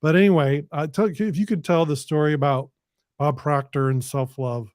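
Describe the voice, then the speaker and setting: A man's voice: a little high, normal speed, darkish tone, dry recording. Casual male podcast host, dry sound. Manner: casual, conversational questioner. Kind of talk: interview conversation.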